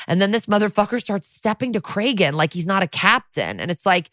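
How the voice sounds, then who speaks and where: A young woman co-hosting a podcast, casually recapping a TV episode, swearing freely and snapping into quick voices for the characters. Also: lowish voice, animated, a bit bright, no room sound, studio quality. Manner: chatty, profane, acts out quotes in quick voices. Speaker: podcast co-host.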